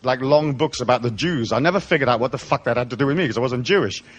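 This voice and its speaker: Raised in Africa but born in England, a man gives a live seminar in an audience hall, delivering it with irreverent, profane, sardonic comedy. His voice is medium-pitched and quick.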